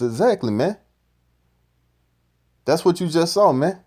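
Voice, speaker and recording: A man's voice: fairly high pitch, animated, measured pace, pauses often, darkish tone. A man giving profane, ranting scripture commentary, repeating "man" at the end of phrases. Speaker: street-style preacher commenting on a clip.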